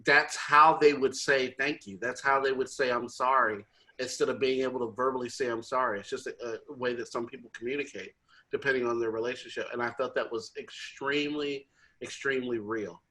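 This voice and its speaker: A man's voice: medium pitch, fairly quick, rough recording. A man co-hosting a podcast, chatting animatedly about a film and acting out the characters' lines. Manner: animated, acts out quoted lines. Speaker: podcast co-host. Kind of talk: casual movie review chat.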